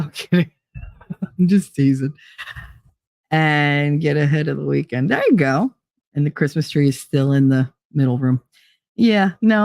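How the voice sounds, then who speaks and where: A woman's voice: low-pitched, gravelly, no echo, studio quality. A woman in her forties hosting a casual live-chat show, chatty and teasing, laughing often as she reads comments. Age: 40s. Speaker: host.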